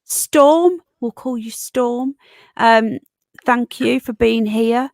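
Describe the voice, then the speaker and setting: Lady streaming live, higher voice, chatty and warm to her chat, dry mic. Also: takes it slowly, creaky, no room sound. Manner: chatty, affectionate, greets viewers one by one.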